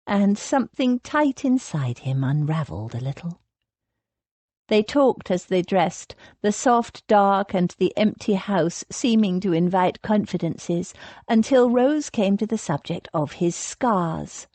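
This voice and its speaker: A woman narrates a historical romance audiobook, slow and measured, with a lively, rising and falling pitch. Her voice is dark and slightly husky. The recording is close and dry. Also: no echo. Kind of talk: scripted narration.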